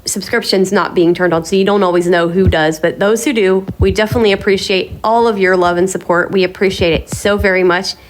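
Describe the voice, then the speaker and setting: A woman's voice: medium pitch, fairly even intonation, brisk, few pauses. A woman hosting a casual sit-down vlog from her home kitchen, talking in a bubbly, enthusiastic, chatty way. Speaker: vlog host.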